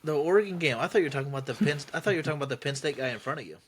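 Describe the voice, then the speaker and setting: A man in his twenties chats on a casual podcast, rushing his words yet stopping to search for them. The recording carries a clear hiss of background noise and occasional clicks. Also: on the high side, expressive. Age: 20s. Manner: hesitant, gropes for words. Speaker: podcast co-host. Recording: noisy track with clicks.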